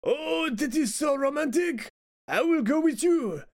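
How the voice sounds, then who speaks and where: Woman doing a mock French gentleman. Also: sits high, animated, measured pace, pitched above the performer's own voice. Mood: smitten. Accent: put-on French. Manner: formal, hesitant, then smitten. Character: polite, startled young Frenchman.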